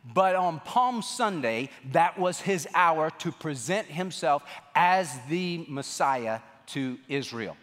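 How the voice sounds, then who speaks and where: A man preaching a sermon as pastor, telling the story in an animated way from a church sanctuary. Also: fairly high pitch, takes it slowly, hardly any pauses. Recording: long reverb of a large room.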